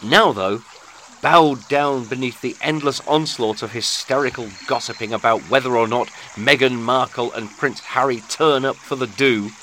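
A man's voice: medium pitch, moderate pace, sharp tone, slight background noise. Sardonic British man, florid monologue. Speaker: podcast host. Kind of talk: scripted comic monologue.

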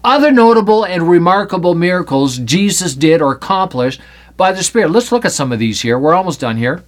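A man's voice: sits high, lively intonation, brisk. A man giving an informal Bible teaching, reading scripture and joking as he acts out the scenes. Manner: playful, acts out scripture with put-on voices.

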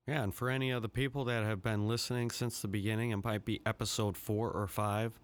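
Smooth-voiced man ranting solo. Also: lowish voice. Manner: rambling, profane, self-deprecating. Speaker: podcast host. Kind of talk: casual solo rant.

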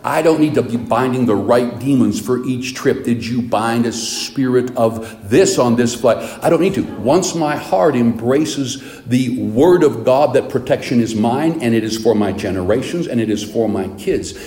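A male preacher with a mellow, relaxed voice delivers a sermon in an animated, storytelling manner. His voice carries the echo of a roomy space. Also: mid-range voice, normal speed, hardly any pauses.

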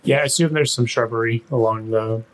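A man acting as game master, narrating a tabletop game in a relaxed, matter-of-fact way. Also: medium pitch, brisk, low-quality recording.

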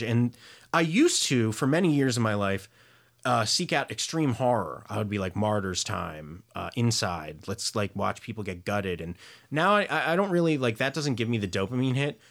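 A man's voice: mid-range voice, expressive, moderate pace, a bit bright. A young man co-hosting a casual comedy movie podcast, rambling with lots of fillers and restarts. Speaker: podcast co-host.

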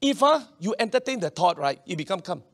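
Man, pastor, sermon, high voice, lively, acts out quotes. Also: a little fast. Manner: animated, acts out quoted voices, swings between loud and quiet.

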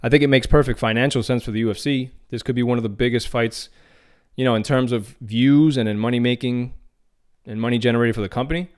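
Smooth-voiced man giving casual MMA talk. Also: mid-range voice, fairly even intonation, quick pace. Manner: casual, opinionated, some restarts. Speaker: podcast host. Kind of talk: solo MMA news commentary.

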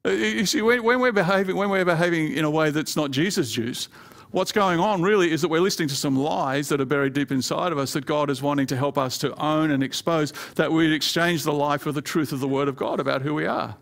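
Gravelly-voiced male pastor preaching. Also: a little fast, a bit bright. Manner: rising pitch and volume when pressing a point, playful asides. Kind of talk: sermon.

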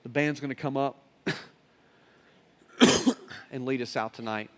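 A man preaching a sermon, telling a story, building to loud urgent peaks and dropping to hushed, earnest lines. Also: mid-range voice, fairly even intonation, slow pace. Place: church service with live audience.

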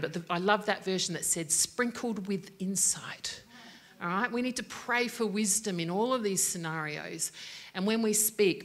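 A woman's voice: lowish voice, fairly bright tone. A woman who works as a teacher, giving a devotional talk on speaking graciously, conversational and checking in with her listeners often. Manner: conversational, with frequent "right?" check-ins. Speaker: teacher giving a faith-based parenting talk.

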